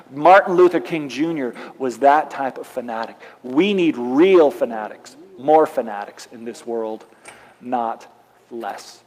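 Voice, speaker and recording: A man preaching a sermon, emphatic, with dramatic pauses and swings from loud to soft. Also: on the high side. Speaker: pastor. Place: church. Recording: long church hall reverb.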